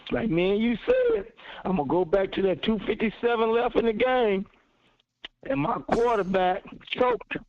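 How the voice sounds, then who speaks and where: Amped up guy calling into a sports show, high voice, dry muffled audio. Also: very animated, normal speed, no echo. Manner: fired-up, insistent, repeats himself. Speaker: caller. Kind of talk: heated call-in sports talk. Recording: dull lo-fi phone-in audio.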